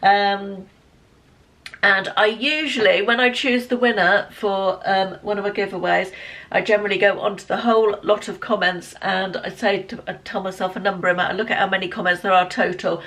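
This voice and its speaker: A woman in her fifties chatting casually in a rambling day-in-the-life vlog, full of ums and restarts, sometimes dropping to a soft near-whisper. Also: medium pitch, fairly even intonation, normal speed. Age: 50s. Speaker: lifestyle vlogger.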